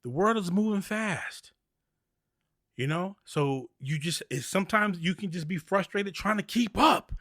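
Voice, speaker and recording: A man hosting a motivational faith talk podcast, talking in an animated, preachy way and repeating key phrases. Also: high voice, a little slow, no echo, clean studio sound. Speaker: podcast host.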